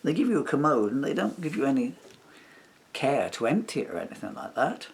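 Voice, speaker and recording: His mid-range, gravelly voice has a sing-song lilt and moves a little fast. On his personal vlog, the man rambles through a long grievance with indignation, playing out others' remarks in quotes.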